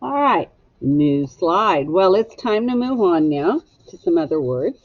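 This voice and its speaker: A woman's voice: lowish voice, sing-song, measured pace, dull audio. A woman teacher giving a recorded phonics lesson for children, spelling words out letter by letter in a patient, encouraging way. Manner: gently encouraging.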